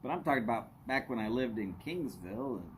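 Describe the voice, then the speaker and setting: A man's voice: medium pitch, animated, quick pace, a little hiss or hum. A man hosting a casual livestream, chatting with viewers and greeting them by name. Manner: greets viewers by name, folksy drawl, y'all. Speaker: livestream host.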